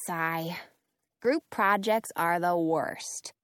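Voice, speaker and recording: A woman reading a children's storybook aloud in an expressive, animated way. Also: on the low side, drawn-out words, no echo, studio quality.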